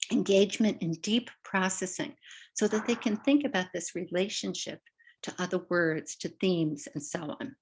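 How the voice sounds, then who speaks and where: An older woman, a literacy educator, giving a webinar lesson over a video call, chatty and checking in with her listeners often. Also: fairly low pitch. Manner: conversational, checks in with "right?" and "all right". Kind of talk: webinar teaching presentation.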